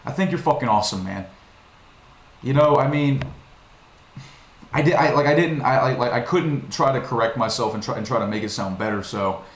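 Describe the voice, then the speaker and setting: A young man from Virginia talks straight to his viewers, swearing freely and starting his sentences over again and again. His voice sits at an ordinary middle pitch, and it carries a roomy echo from the space he films in. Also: fairly even intonation, fairly quick, a little hiss or hum. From Virginia, USA. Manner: rambling, profane, frequent restarts. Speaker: vlogger. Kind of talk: casual storytelling monologue. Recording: echoey room.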